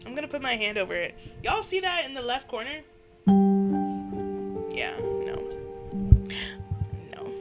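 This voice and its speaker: Excitable woman gamer over loud music. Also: high voice. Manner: excitable, jokey, reads the game text aloud. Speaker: gaming channel host. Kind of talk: let's play commentary.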